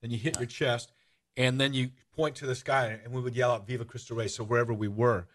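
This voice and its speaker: A man hosting a radio-style podcast, telling stories in a casual, animated way. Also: medium pitch, a little fast. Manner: storytelling, animated, shouts out rallying cries. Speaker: podcast host. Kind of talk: casual radio-show chat.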